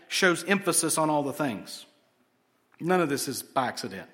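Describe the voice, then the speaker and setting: Animated preacher, a man. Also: on the high side, a little slow, pauses often. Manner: animated, asks rhetorical questions, jokes. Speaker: pastor. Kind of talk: expository sermon.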